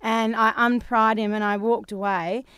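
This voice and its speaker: A woman's voice: a little high, normal speed, smooth, dry recording, studio quality. An Australian woman in her thirties, telling a story in casual chat as a podcast co-host. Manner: chatty storytelling, animated.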